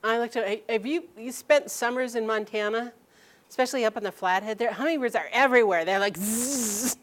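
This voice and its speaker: Brief: middle-aged woman storyteller, lively and laughing, voicing family members' lines. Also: fairly high pitch, quick pace. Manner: animated, laughing, quoting her mother in lively bursts. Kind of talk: personal storytelling to an audience.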